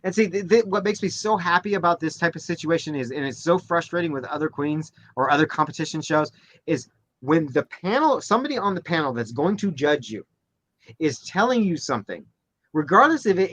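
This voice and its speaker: A man's voice: fairly quick, a little hiss or hum. A man co-hosting a casual chat show, talking animatedly and acting out quotes with frequent restarts. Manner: animated, acts out quotes in high voices, many restarts. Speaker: podcast co-host.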